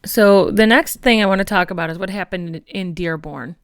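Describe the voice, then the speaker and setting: Impassioned woman podcast host, clear voice. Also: mid-range voice, a little fast, no room sound, studio quality. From Michigan. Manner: impassioned, gets worked up, addresses listeners as friends. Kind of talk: casual political commentary.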